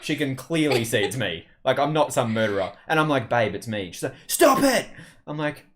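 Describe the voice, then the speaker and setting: A man's voice: medium pitch, lively intonation, a little fast. A young man trading teasing remarks in a casual podcast chat. He talks bluntly and swears without a second thought. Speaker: podcast co-host.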